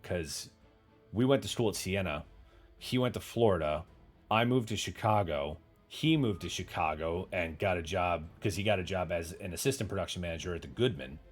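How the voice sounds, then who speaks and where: A low-pitched male podcast host speaks at a moderate pace over faint background music. He's hosting a relaxed livestream chat, spinning rambling stories with some casual cursing and answering what viewers write in.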